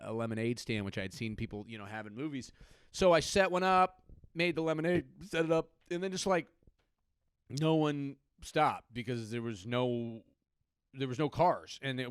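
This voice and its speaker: A man's voice: medium pitch, smooth, no room sound, studio quality. A man from California doing a comedic podcast monologue, rambling and sardonic, with lots of swearing. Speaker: podcast host.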